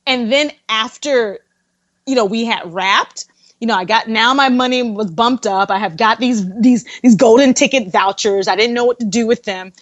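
A woman's voice: a little high, normal speed, dry recording, dull audio. A young woman animatedly telling a story in a casual interview, acting out the people she quotes. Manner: animated, quotes others in acted voices.

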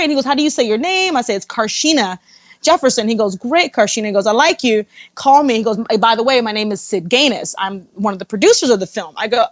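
Young woman, animated storyteller, fairly high voice, dry close sound. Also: a little fast, no echo. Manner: animated, quotes others in acted voices. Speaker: guest telling a story. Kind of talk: casual storytelling interview.

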